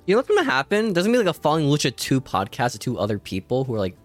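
A man's voice: mid-range voice, huge pitch swings, very fast, soft background music. A young man co-hosting a casual podcast, slangy and joking. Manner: joking, slangy, mock-dramatic. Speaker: podcast co-host.

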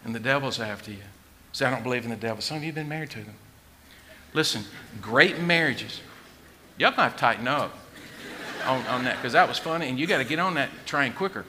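A middle-aged man preaching a sermon in a folksy, joking way, dropping to a hush and rising to a shout. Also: mid-range voice, animated, fairly quick, slight background noise. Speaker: pastor.

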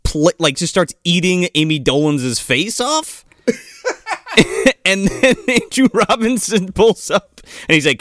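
A man's voice: high voice, takes it slowly, fairly bright tone, no room sound. A man recapping a horror movie in casual chat with friends, laughing often and swearing a lot. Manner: laughing, profane, acts out quotes. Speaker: podcast co-host.

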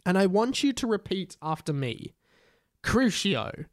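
A man's voice: sits high, big pitch swings, measured pace, no room sound. A bossy young witch, as a man puts her on in a raised, prim voice. She gives firm instructions in a strict, teacherly way. The sound is dry and close. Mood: instructing. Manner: bossy, scolding.

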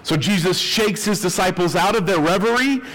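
A man, a pastor, preaching a sermon with emphatic delivery, dropping his voice low on key words. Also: moderate pace, a bit bright, big-room sound, low-quality recording.

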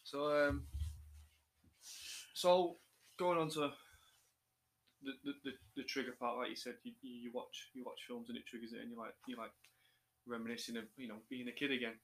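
A man's voice: mid-range voice, steady tone, normal speed, long pauses. A man hosting a casual podcast, asking questions hesitantly with many fillers and repeated words. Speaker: podcast host.

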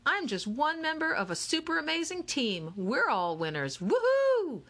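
Haley, a woman reader's perky high cheerleader girl. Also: very animated, normal speed, full character voice. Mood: perky shouting. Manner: bubbly, shouting.

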